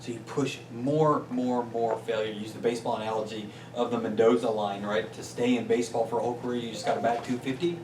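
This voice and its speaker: Brief: upbeat male business coach, mid-pitched, pitching a small meeting room, picked up from across an echoey space with faint hiss. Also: fast talker, hardly any pauses. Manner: energetic, peppers points with "right?". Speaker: business coach and guest speaker. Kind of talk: motivational talk to a small group. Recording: roomy distant sound with faint noise.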